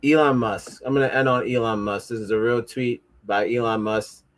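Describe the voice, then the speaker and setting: A man's voice: mid-range voice, steady tone, normal speed. A man streaming live, rambling and stumbling over words as he reads aloud, with mocking, sarcastic remarks. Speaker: livestreamer. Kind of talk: casual livestream commentary.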